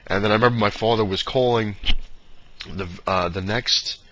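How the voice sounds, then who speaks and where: Rambling man with a bright lo-fi sound. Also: fairly low pitch, fairly even intonation, normal speed. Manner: rambling, fillers, mimics dad in quotes. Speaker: vlogger. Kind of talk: casual rambling storytelling. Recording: dull lo-fi sound with faint noise.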